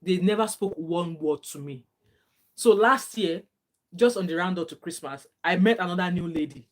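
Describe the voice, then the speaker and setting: A woman's voice: on the low side, moderate pace. A young adult woman from Nigeria with a Nigerian accent, chatting casually as a vlogger, telling stories and mixing in Pidgin phrases. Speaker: vlogger reading viewer comments. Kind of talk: casual chat.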